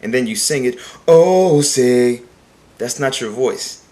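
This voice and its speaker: A man of middle pitch talks through a singing lesson. He explains with an earnest tone, repeats his key points for emphasis and breaks off into short sung demonstrations. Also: fairly even intonation, moderate pace. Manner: talks plainly and sings short demonstration phrases. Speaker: vocal coach.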